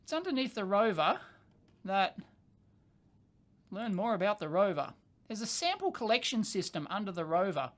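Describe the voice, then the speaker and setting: A man's voice: sits high, big pitch swings, moderate pace, long pauses, a bit bright. A man telling a story on a casual livestream. He rambles with lots of fillers and casual swearing. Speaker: channel host.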